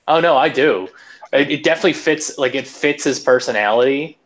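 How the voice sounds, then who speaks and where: An easygoing young man in casual podcast chat. He laughs often and fills his sentences with "like" and "you know." His voice has an ordinary male pitch and a relaxed, conversational delivery. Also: a little fast. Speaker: podcast co-host.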